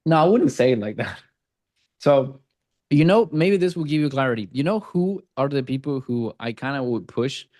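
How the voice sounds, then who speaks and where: Man hosting a coaching call, dark mellow voice, blunt, swears a lot, ribs people. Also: medium pitch, expressive, normal speed. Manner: blunt, profane, teasing. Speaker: sales coach.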